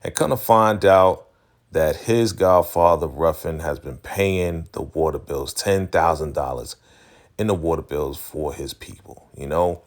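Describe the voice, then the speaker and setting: Man, very low voice, casual recap vlog, animated storytelling, laughs a lot. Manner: animated retelling, acts out characters' lines loosely, laughs often. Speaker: recap vlogger.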